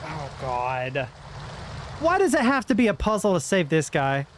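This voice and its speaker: A man with a high voice gives casual let's-play commentary, rambling and joking as he plays. There is a faint layer of noise behind him. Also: wildly swooping pitch, unhurried. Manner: rambling, joking, laughs often. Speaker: streamer playing a game.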